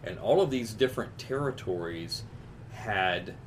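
A man's voice: lowish voice, lively intonation, a little slow, background noise. A man from chatting casually, telling stories with lots of restarts and laughs. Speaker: podcast co-host. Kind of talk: casual chat.

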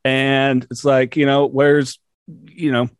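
Man host, relaxed and reflective, casual podcast chat, dry close mic. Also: mid-range voice, slow, clean tone, no room sound. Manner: laid-back, reflective, casual swearing.

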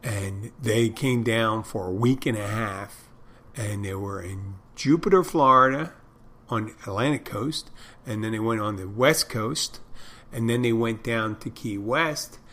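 A man's voice: fairly low pitch, unhurried, a bit bright. A middle-aged man hosting a podcast, rambling through stories and crude jokes in a casual monologue. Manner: meandering storyteller, tells crude jokes. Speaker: podcast host.

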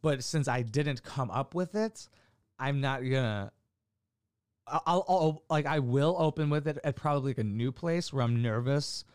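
A man's voice: mid-range voice, normal speed, darkish tone, smooth, dry recording, studio quality. A man and amateur stand-up comic chatting casually in a vlog, rambling and cursing with lots of fillers. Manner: rambling, profane, many fillers.

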